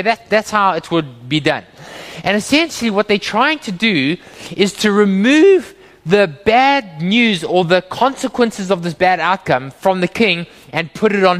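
Male pastor, high voice, earnest animated preaching, reverberant hall sound. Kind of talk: sermon.

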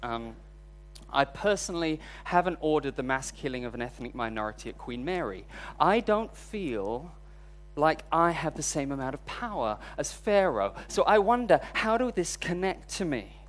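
A man's voice: fairly high pitch, very animated, moderate pace. A man preaching a sermon, telling a personal story in a candid, self-deprecating way. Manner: storytelling, voice rising when recounting frustration.

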